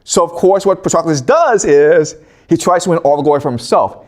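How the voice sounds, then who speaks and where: A man lectures on history as a casual, animated story, often pausing to check in with the listener. His voice sits a little high and rises and falls widely.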